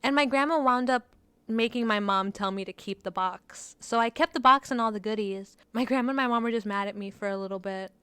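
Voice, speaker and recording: Smooth-voiced young woman telling stories. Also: a little high, brisk, pushed and bright, no room sound. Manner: storytelling, laughs often, swears casually. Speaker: podcast co-host. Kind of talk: casual chat.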